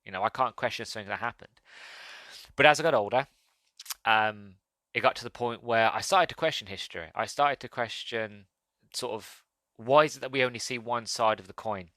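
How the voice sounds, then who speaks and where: A man's voice: medium pitch, brisk, bright, forceful tone, no room sound. A man hosting a solo podcast, talking earnestly with many ums and restarts. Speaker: podcast host, film reviewer. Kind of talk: casual solo podcast talk.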